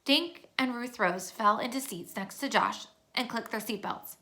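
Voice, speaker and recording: Bright-voiced woman reading a storybook. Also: a little high, unhurried. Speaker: narrator. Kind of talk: reading a children's chapter book aloud.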